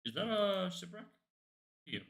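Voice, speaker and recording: A man's voice: sits high, big pitch swings, measured pace, fairly bright tone. A man streaming a game, rambling and joking to himself in casual chat. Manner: rambling, jokey, talks to himself. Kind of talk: casual livestream chat while gaming. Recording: roomy echo.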